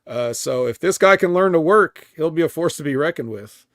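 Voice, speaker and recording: A man co-hosting a wrestling podcast over a remote call, recapping matches in a halting way with fillers. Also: fairly high pitch, animated, fairly bright tone, no echo, studio quality. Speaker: podcast co-host.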